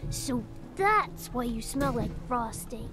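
A woman's voice: a little high, lively intonation, slow pace. An actress voicing a perky, cheeky teenage girl in a video game. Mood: chirpy. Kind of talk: game dialogue. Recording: game audio under music.

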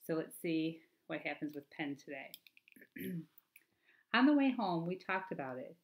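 A woman teacher reading a children's novel aloud to her class, expressive, with chatty asides to her listeners. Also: deep voice, unhurried, highs cut off.

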